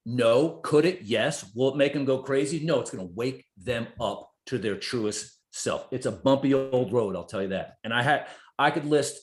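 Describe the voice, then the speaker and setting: A man in his fifties from New Jersey, a podcast guest telling stories in an animated way, swearing freely and acting out his own inner voice. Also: medium pitch, moderate pace, few pauses. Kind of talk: conversational storytelling. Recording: roomy echo.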